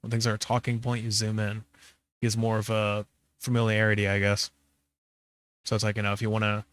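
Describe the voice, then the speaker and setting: A man's voice: on the low side, a bit bright, no room sound. A tired man streaming while he edits a video, rambling casually and searching for words. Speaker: streamer editing his video. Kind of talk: casual live commentary.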